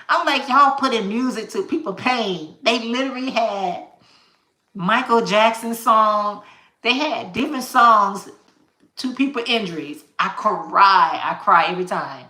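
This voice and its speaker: A woman hosting a casual live chat, talking in an animated way, greeting viewers by name and laughing often. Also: fairly high pitch, normal speed, roomy sound. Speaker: live stream host.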